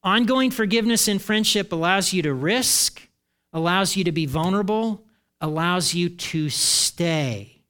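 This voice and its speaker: A middle-aged male pastor preaching a sermon in an animated way, acting out the voices he quotes. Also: sits high, unhurried, smooth.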